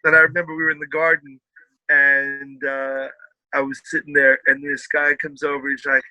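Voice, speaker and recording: American man, bright forceful voice, dry close mic, animated storyteller, casual podcast chat. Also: on the high side, moderate pace, no echo, poor audio. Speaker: podcast guest.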